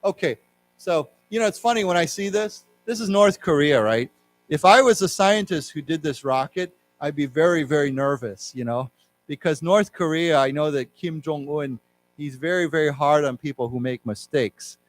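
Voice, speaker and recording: A man's voice: fairly high pitch, moderate pace. A man teaching an English class in a library, explaining word meanings and leading learners in repeating words aloud. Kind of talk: live English lesson for learners. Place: library lecture room.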